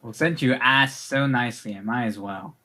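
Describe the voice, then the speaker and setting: A man sitting in on a tabletop game who throws out quick, deadpan wisecracks. His voice sits at an ordinary middle pitch with a clearly bright tone. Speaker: player. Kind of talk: casual tabletop game play.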